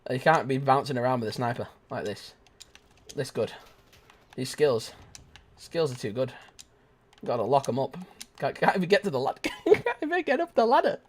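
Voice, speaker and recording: A young man giving live gameplay commentary, chatting casually and shouting sudden excited exclamations. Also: mid-range voice, normal speed, pauses often. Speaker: gaming video host.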